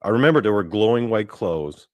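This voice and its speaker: A young man with a lowish voice tells a long story in loose, casual talk, stacking fillers and the odd curse as he goes. The sound is dry and close, with no room around it. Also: animated, fairly quick, dry recording. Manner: rambling, full of "like" fillers and cursing. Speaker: podcast host.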